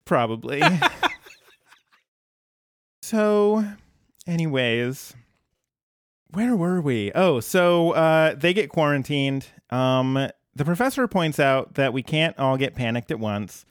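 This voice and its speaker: A man's voice: fairly high pitch, animated, takes it slowly, long pauses, clean tone, no echo, clean studio sound. A man co-hosting a podcast in casual chat, rambling and self-deprecating with lots of ums. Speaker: podcast co-host.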